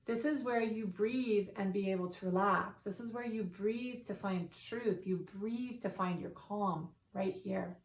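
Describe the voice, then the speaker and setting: Calm lady guiding a meditation, real slow, echoey room, mic kinda far off. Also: medium pitch. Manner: slow, calm, soothing, repeating affirmations. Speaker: meditation guide. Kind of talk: guided meditation. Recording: roomy, distant from the mic.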